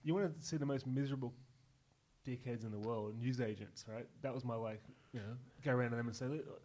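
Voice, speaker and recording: A man's voice: mid-range voice, fast talker, dark tone. A young man telling loose, profane stories in a casual podcast chat, often laughing. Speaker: guest.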